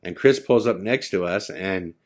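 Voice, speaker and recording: A man with a lowish voice tells a story on a podcast in a casual, animated way. He slips into his friends' voices for quick quoted lines as he goes. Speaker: podcast host.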